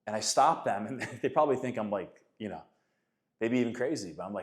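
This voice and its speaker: Thirties male coach, lowish voice, loose emphatic pep talk straight to camera. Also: fast talker. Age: 30s. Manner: casual, emphatic, calls listeners guys and man. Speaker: faith and men's coach. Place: Florida.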